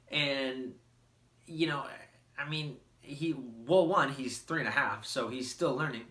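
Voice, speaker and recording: Man, earnest parenting talk, loose and chatty, bright voice in a roomy space. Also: mid-range voice, normal speed. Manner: earnest, plain-spoken, many "you know" fillers. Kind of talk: casual talk to camera.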